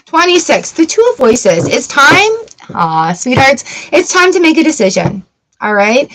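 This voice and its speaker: A woman's voice: high voice, sing-song, measured pace, fairly bright tone, a little hiss or hum, poor audio. A middle-aged woman hosting a casual live tarot reading, chatty and given to giggling as she talks to viewers. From Canada. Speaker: tarot reader livestream host.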